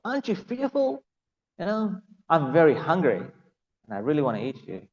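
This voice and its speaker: A man's voice: on the high side, huge pitch swings, normal speed, a little mellow, in a large hall, muffled recording, pitched above the performer's own voice. A man voicing a mighty male lion king in a spoken story, commanding and generous in manner. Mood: menacing. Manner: commanding, then kindly granting.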